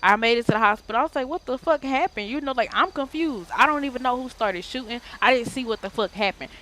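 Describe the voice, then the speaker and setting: A woman's voice: a little high, fast talker, pushed and bright. A woman casually retelling a roleplay game story in slangy, profane, rambling speech, acting out the dialogue. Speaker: roleplay gamer telling a story.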